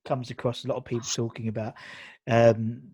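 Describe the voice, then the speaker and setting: A man's voice: mid-range voice, level tone, a little fast, warm tone, slightly rough, dry recording. A man hosting a casual interview over a video call, easygoing and asking encouraging questions. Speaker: podcast host.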